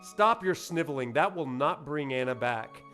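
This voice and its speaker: A man's voice: on the high side, animated, moderate pace, a bit bright, soft background music. A man voicing a stern, grieving old male sage, speaking in a curt and commanding way.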